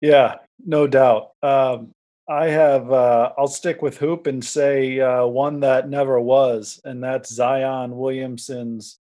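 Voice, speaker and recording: A man co-hosting a sports podcast, talking in a measured, hesitant way. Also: medium pitch, flat delivery, dark tone. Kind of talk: casual sports chat.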